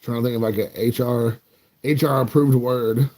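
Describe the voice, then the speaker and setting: A man's voice: mid-range voice, fairly even intonation, normal speed, warm tone. A man in his forties, from the United States, chatting casually with viewers in a rambling, joking, self-mocking way. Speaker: card collecting channel host.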